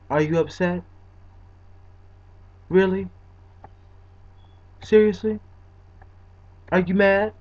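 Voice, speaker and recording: A formal, dramatic male news anchor speaks in a raised announcer voice, as a young man puts him on. The voice sits high for a man. The recording is dull and lo-fi. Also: a little mellow. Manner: announcer-style delivery, raised and emphatic.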